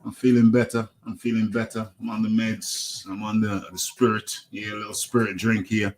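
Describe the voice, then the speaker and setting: A man's voice: on the low side, little pitch movement, moderate pace, darkish tone, slight background noise. A man hosting a casual boxing podcast, ranting animatedly and repeating his phrases. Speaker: host.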